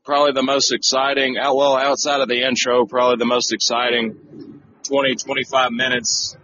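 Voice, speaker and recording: A man's voice: medium pitch, little pitch movement, moderate pace, noisy background. A man co-hosting a podcast, casually recapping a wrestling show with lots of fillers and jokey asides. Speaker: podcast co-host. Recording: dull lo-fi dry recording.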